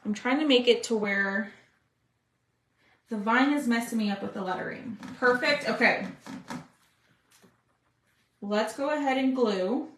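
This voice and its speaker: A woman hosts a casual live craft demo, chatting with viewers and calling them "y'all" as she works. Her voice is fairly high and a bit bright, a little slow with long pauses, in an echoey room.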